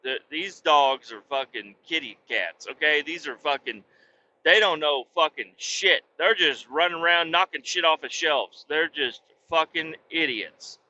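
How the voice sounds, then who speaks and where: A man co-hosting a podcast, telling a work story in a profane, animated, casual way. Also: a little slow, lo-fi sound. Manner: profane, animated, puts on a sweet high voice for quoted niceness. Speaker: podcast co-host.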